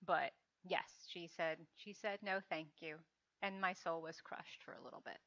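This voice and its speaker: A woman's voice: on the low side, steady tone, normal speed, fairly bright tone, no echo, muffled recording. A woman co-hosting a casual book podcast, chatty and self-deprecating, laughing often. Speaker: podcast co-host and novelist. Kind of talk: casual chat.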